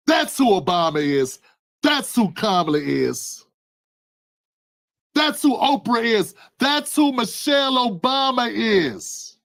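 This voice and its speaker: A man with a high, expressive voice talks in an unhurried way. On his channel he delivers passionate political commentary, asking rhetorical questions again and again and naming a listener as he speaks.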